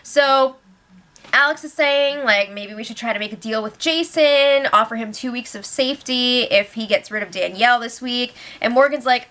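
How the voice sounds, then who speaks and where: A woman hosts a casual recap in a bright, crisp voice that sits a little high. She talks chattily and with opinions, slipping into quick impressions of what others said. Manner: chatty and opinionated, acts out quotes. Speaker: show recap host.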